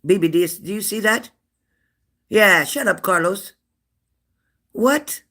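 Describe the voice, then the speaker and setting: A woman in her fifties hosting a live stream, chatting warmly and laughing as she reads out viewers' comments. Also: mid-range voice, normal speed. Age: 50s. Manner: chatty and affectionate, laughs often, answers comments aloud. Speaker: livestream host of a spirit-messages channel.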